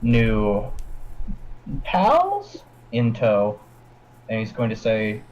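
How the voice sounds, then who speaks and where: A player at a tabletop game, talking in a playful, animated way. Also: mid-range voice, drawn-out words, a little hiss or hum, rough recording. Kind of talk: casual tabletop play.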